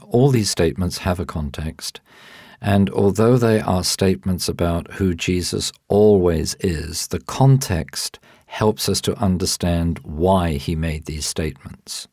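A man answering interview questions as a Bible teacher, explaining in a measured way with frequent ums and restarts. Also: sits low, darkish tone, husky, no echo, clean studio sound.

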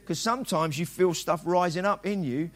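A middle-aged pastor delivers a sermon in a relaxed, chatty way. His voice sits a little high for a man, and he slips into little acted-out exchanges to make his points. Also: moderate pace. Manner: conversational preaching, acts out quoted dialogue.

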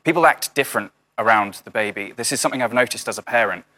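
A young man gives a relaxed sermon to his house church over a video call. He talks in a chatty way with many fillers, dropping dry jokes between readings, and his voice sits at an ordinary middle pitch. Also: quick pace.

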